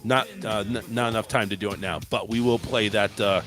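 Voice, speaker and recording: A man's voice: fairly low pitch, steady tone, brisk, over music. A man hosting a talk radio show, chatting casually in a laid-back, joking and rambling way.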